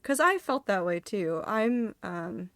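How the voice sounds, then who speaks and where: A woman's voice: medium pitch, lively intonation, slow pace, clean tone. A young woman streamer chatting candidly while she plays, swearing casually and reading chat messages aloud. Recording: faint music behind.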